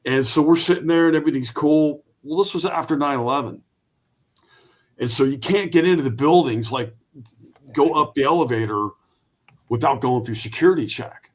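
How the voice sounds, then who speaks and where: A man, an Army veteran guest, telling a lively anecdote and acting out the voices of the people in it. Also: on the high side, moderate pace. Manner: lively storyteller who acts out quoted voices. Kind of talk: storytelling anecdote.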